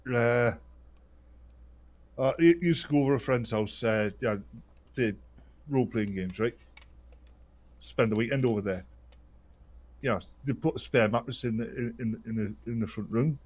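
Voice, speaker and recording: A man's voice: mid-range voice, a little mellow. Cast: man, podcast regular, stumbling, repetitive storyteller. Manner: halting, repeats words, many uhs. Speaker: podcast co-host. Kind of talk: casual anecdote.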